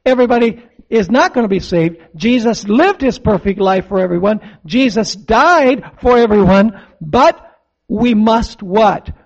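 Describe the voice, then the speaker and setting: A man's voice: high voice, darkish tone, highs cut off. A man preaching a sermon as pastor, emphatic, asking the congregation questions and answering them himself.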